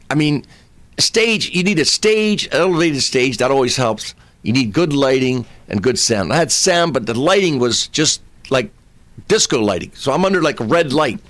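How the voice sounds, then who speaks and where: Animated storytelling comedian man. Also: on the high side, no echo. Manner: animated storyteller who acts out voices, shouting in bits. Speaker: stand-up comedian. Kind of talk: casual chat, storytelling.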